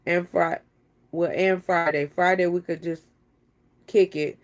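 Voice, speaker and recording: A woman's voice: fairly low pitch, fairly even intonation, a little slow. A woman chatting casually on a live stream, teasing and talking straight to her viewers.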